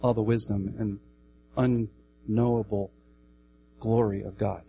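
Emphatic preacher man, loud then hushed. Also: fairly low pitch, little pitch movement, takes it slowly, gravelly, lo-fi sound, a little hiss or hum. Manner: emphatic, repeats key phrases, swings between loud and quiet. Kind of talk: sermon.

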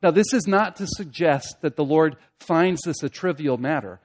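At normal speed, a man delivers an expository sermon, swinging between loud, emphatic peaks and hushed, low asides, with rhetorical questions and repeated phrases for emphasis.

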